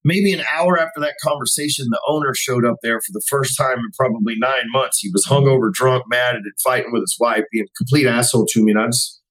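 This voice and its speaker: A man in his forties tells a personal story on a podcast in a loose, conversational way. He swears easily and acts out each voice in his dialogue, at an ordinary middle pitch. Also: quick pace, hardly any pauses, a bit bright, low-quality recording. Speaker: podcast guest, sales company CEO. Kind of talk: casual storytelling.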